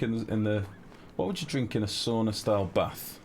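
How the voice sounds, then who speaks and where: A man's voice: lowish voice, lively intonation, normal speed, a little mellow, a little hiss or hum. A man streaming a building game live, chatting casually, joking and answering his viewers' messages as he plays. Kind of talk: casual live gameplay commentary. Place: home streaming setup. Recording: game music underneath.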